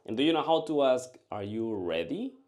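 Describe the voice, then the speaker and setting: A man teaching a language lesson, drilling short phrases and answers in a slow, carefully enunciated way. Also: medium pitch, big pitch swings, a little mellow.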